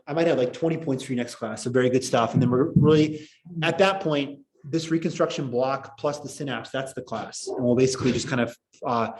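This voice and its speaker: A young man teaching a casual online history class, rambling and excitable, often laughing at his own jokes. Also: on the high side.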